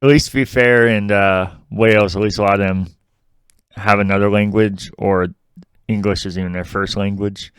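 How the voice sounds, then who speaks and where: A man co-hosting a gaming podcast, laid-back and quick to laugh. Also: on the low side, steady tone, clear, resonant tone, dry recording. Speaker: podcast co-host. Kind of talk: casual chat.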